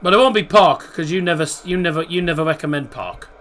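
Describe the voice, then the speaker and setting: A man's voice: a little high, fast, fairly bright tone. A man hosting a live football watchalong stream, chatting casually and rambling to his viewers as he comments on the match.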